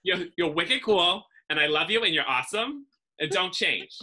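This is a gushing local with a thick Massachusetts accent and a bright, forceful tone. The words come out slow, stretched and exaggerated for fun, as a man puts it on. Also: high-pitched, animated, heavily acted.

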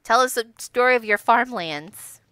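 A woman's voice: a little high, lively intonation, moderate pace, bright, forceful tone, clean tone, no room sound. A young woman hosting a game role-play stream, playful and giggly as she chats and tells stories. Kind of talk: casual gaming stream chat and storytelling.

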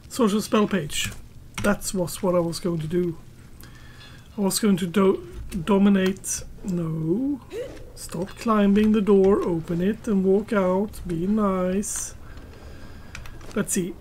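A woman's voice: medium pitch, slow, a little mellow, a little hiss or hum. A woman giving casual gameplay commentary, muttering to herself and chatting to her tamed pets as she plays.

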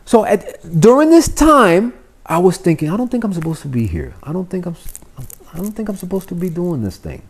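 A man's voice: high voice, brisk. A middle-aged man from Miami, of Cuban family, telling stories as a podcast guest in a loose, swearing style and acting out the voices. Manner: animated, swearing, acts out the voices in his stories. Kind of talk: casual storytelling chat.

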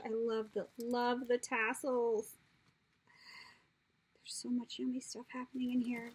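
Opening her happy mail, this crafter talks in a high voice at a measured pace, gasping and often sinking to a whisper as she gushes about the craft supplies she got. It's a casual unboxing chat captured on a low-quality recording.

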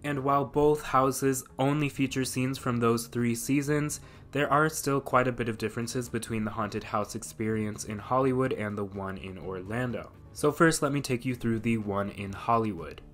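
A man's voice: mid-range voice, normal speed, hardly any pauses, faint music behind. A man narrating a scripted video essay, with dry sarcastic asides.

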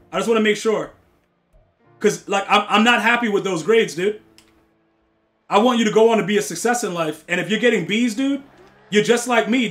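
Male game streamer with a high voice; loud, profane reactions and joking back-and-forth with viewers. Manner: excitable, swears, loud outbursts at the game; teasing banter with chat. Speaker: gaming streamer.

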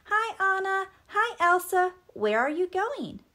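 A woman voicing a cheerful, childlike little snowman in a storybook read-aloud, talking in a bubbly, excited way. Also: very high-pitched, slow, pitched above the performer's own voice, heavily acted.

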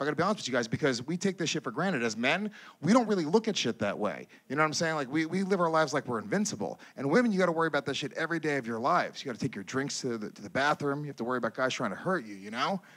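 A man performing a stand-up comedy set on stage, telling a crude story in an animated way and breaking into loud impressions. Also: on the high side, fast. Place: comedy stage before a live audience.

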